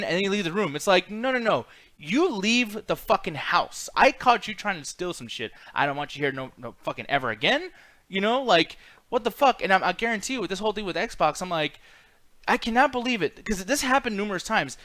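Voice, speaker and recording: Guy on a podcast ranting fast, bright sharp voice, dry sound. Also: high-pitched, lively intonation, dry recording. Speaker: podcast co-host. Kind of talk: casual chat.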